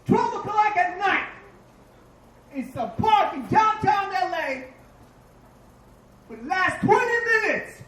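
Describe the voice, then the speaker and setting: A male stand-up comic voicing his angry, suspicious wife, yelling accusations in a shrill, high voice. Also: expressive, takes it slowly, long pauses, exaggerated voice. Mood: accusing. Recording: echoey bar from far off.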